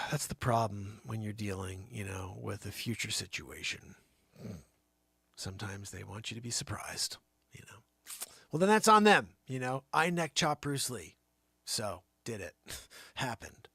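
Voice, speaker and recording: A man's voice: lowish voice, unhurried, dry recording, clean studio sound. A man hosting a live show, rambling through an improvised comedy monologue and dropping into whispered asides. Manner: rambling, animated, riffing on a running bit; drops to breathy whispers between asides. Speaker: host.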